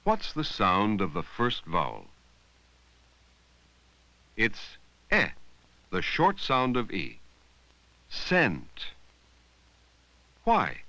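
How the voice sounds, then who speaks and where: A man narrating an old educational film about reading long words, speaking slowly and deliberately and stretching out words to show their sounds. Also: on the low side, wildly swooping pitch, vocal fry, bright, forceful tone, no room sound, poor audio. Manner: slow, deliberate, drawing out words to teach sounds. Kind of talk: scripted instructional narration. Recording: dry, close voice-over from an old 16mm film.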